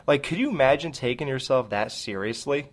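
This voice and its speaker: A man's voice: mid-range voice, lively intonation, fairly quick. A man co-hosting a podcast and ranting in a sarcastic, profane way. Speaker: podcast co-host. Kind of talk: casual podcast chat.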